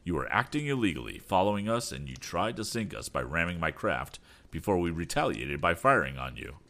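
A man voicing the hero's father, a stern older inventor who speaks in a measured, firm way. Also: low-pitched, very animated, a bit bright, heavily acted.

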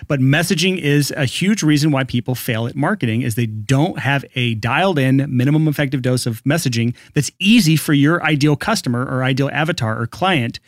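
A man's voice: medium pitch, brisk, hardly any pauses, dry recording, studio quality. A man co-hosting a podcast in casual chat, blunt and teasing. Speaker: podcast co-host.

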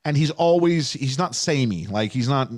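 A man's voice: mid-range voice, expressive, normal speed, dry recording. Male podcast guest, mid-range voice, dry close mic, stops and restarts a lot, chuckles between points. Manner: thinking aloud with restarts, chuckles often. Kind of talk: casual film discussion.

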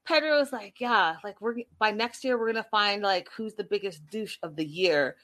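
A woman casually recapping a reality show, animated and acting out what people said. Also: mid-range voice, normal speed. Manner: animated, quotes people in lively voices.

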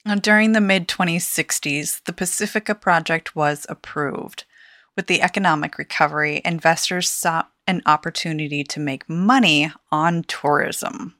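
A woman's voice: low voice, normal speed, fairly bright tone, no echo, studio quality. A woman co-hosting a casual podcast, reading lore notes aloud with playful asides. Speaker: podcast co-host.

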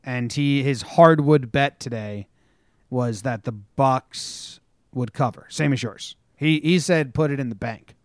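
A man talking sports in a loose, casual chat, jumping into animated retellings and voicing what teammates would shout, swearing freely. His voice sits at an ordinary pitch, recorded close and dry with no room sound. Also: unhurried, dry recording. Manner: animated storyteller, acts out quotes with profanity. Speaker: podcast co-host.

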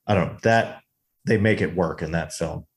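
A man's voice: sits low, moderate pace. A man co-hosting a casual movie podcast, talking with enthusiasm and telling stories. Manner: animated, enthusiastic storyteller. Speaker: podcast co-host.

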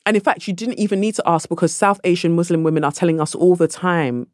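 A woman guest on a podcast, telling stories in a lively conversational way and acting out the people in them. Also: lowish voice, fast talker, dry recording, studio quality. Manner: animated, acts out voices in her anecdotes. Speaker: podcast guest, actress and author.

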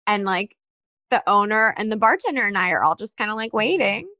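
A woman's voice: mid-range voice, fairly quick, dry recording. A young woman telling a dating story in casual chat, acting out the texts she got and sent. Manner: animated storyteller, acts out texts in quoted voices.

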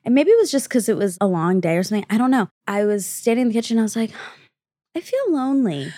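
A woman's voice: medium pitch, lively intonation, very fast, mellow, dry recording, clean studio sound. A woman in her thirties co-hosting a podcast, talking reflectively in casual conversation. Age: 30s. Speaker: podcast co-host. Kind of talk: casual chat.

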